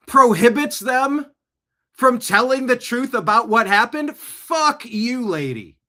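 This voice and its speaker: A man's voice: very high voice, expressive, takes it slowly, pushed and bright. A man hosting an online talk show, ranting sarcastically as he reacts to news clips. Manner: talks back at what he watches. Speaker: host. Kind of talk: political commentary reacting to clips.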